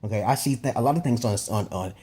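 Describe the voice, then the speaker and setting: A vlogger delivers a rambling, profane opinion monologue in a lowish, fast voice with a warm tone and breathy edge. He is emphatic, keeps checking "okay?" with listeners, and repeats and restarts phrases.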